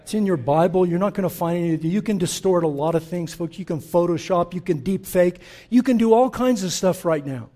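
A pastor from the Middle East preaching a sermon in a church, impassioned and direct with his congregation, dropping to a hush and rising loud again. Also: high-pitched, fairly quick, hardly any pauses. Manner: impassioned, shifts from hushed to loud; direct, talks straight to the congregation.

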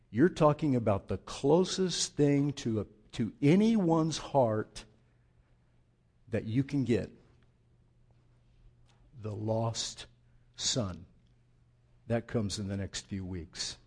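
A man's voice: mid-range voice, lively intonation, slow, long pauses, a little mellow, breathy edge. A male pastor preaching a sermon, speaking straight to his congregation and acting out the voices of the people in his story.

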